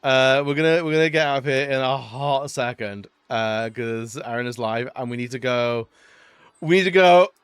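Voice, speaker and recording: A man's voice: mid-range voice, flat delivery, normal speed, hardly any pauses, a bit bright, clear, resonant tone, dry recording. A man streaming live, chatting casually, joking, laughing often and rambling between stories.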